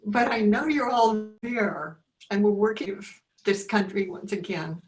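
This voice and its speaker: A woman in her sixties sharing heartfelt memories over a video call, earnest and halting, often emotional. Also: mid-range voice. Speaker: reunion guest. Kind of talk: heartfelt reminiscence.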